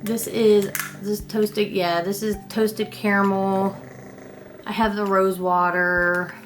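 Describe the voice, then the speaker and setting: A woman's voice: mid-range voice, flat delivery, slow, faint music behind. A young woman vlogger chatting casually about her makeup, rambling and self-deprecating, with casual swearing. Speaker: beauty vlogger. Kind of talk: casual makeup declutter chat.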